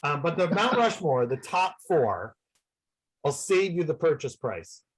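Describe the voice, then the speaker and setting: A man's voice: fairly high pitch, sing-song, unhurried, slightly rough, poor audio. A man chatting casually as a guest on a video call, rambling and self-deprecating with upbeat energy. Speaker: guest entertainer.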